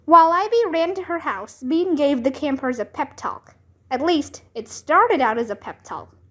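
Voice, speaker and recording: High, lively woman reading a storybook aloud. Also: moderate pace. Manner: expressive, dramatic narration. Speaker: storybook reader. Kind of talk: children's book read-aloud.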